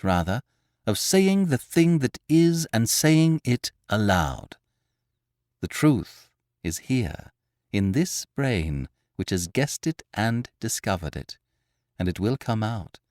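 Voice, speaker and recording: A man's voice: mid-range voice, darkish tone, no echo, studio quality, voice pushed up. A man voicing a stubborn, eager young reporter who refuses and speaks out firmly in an audiobook reading. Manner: firm, eager, raised refusals. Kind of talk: audiobook character voice.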